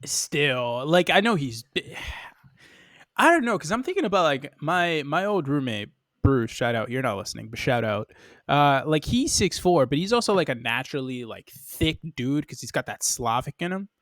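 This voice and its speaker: A man from Boston co-hosting a podcast in casual chat, animated and laughing, with rambling asides and the odd swear word. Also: on the high side, normal speed, dry recording, clean studio sound. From Boston, USA. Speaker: podcast co-host.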